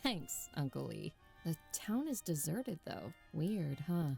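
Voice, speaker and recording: A woman's voice: deep voice, big pitch swings, slow, gravelly, warm tone, faint music behind, voice pushed down, exaggerated voice. A woman voicing a wry young woman writer on a spooky vacation in a game.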